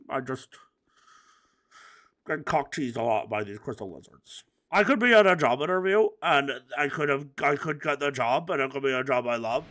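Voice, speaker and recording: A man giving let's play commentary, rambling through absurd, crude jokes and swinging between mumbled asides and loud outbursts. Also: mid-range voice. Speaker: gaming commentator.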